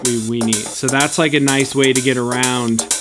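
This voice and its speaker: A man's voice: mid-range voice, normal speed. A man hosting a hands-on synth tutorial, explaining casually with plenty of fillers. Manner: relaxed, filler-heavy explaining. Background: electronic music playing from his rack.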